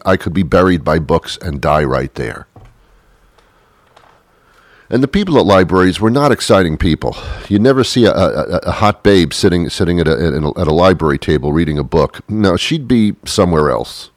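A man with a low voice delivers a rambling, sarcastic comedic monologue. His pitch swings widely as he mocks and acts out bits. The sound is dry and close. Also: lively intonation, normal speed, no echo.

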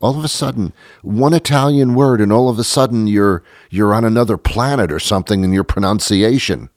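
A man's voice: lowish voice, a little fast, a little mellow, no echo, studio quality. A man hosting a podcast, talking in a rambling, sarcastic comedic monologue that often stops and restarts. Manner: rambling, self-interrupting, sarcastic. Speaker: podcast host.

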